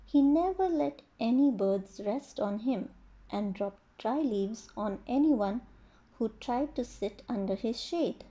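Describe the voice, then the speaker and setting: A woman narrating her own children's storybook in a slow, gentle reading. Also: a little high, lively intonation, highs cut off.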